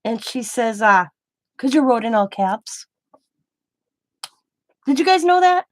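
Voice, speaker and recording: A woman's voice: a little high, expressive, takes it slowly, dry recording. A middle-aged woman hosting a crafting livestream, chatting in a rambling, self-deprecating way while she works. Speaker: craft channel host.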